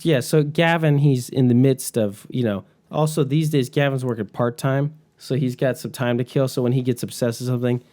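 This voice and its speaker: Mellow-voiced young man, rambling chat. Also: mid-range voice, fairly even intonation, moderate pace, hardly any pauses. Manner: rambling, swears freely, laughs often. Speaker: podcast co-host. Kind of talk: casual chat.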